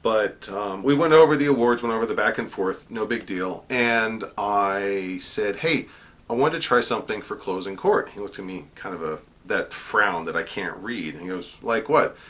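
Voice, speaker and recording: A man's voice: normal speed, few pauses, fairly bright tone. A middle-aged man, a court herald, chatting casually about an event, with fillers and restarts. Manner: booming formal proclamation when quoting court cries. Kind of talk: casual storytelling monologue.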